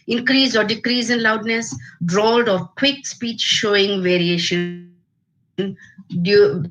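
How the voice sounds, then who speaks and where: A woman with an Indian English accent giving an academic lecture on phonetics over a video call, deliberate and full of fillers and restarts. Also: mid-range voice, fairly even intonation, poor audio.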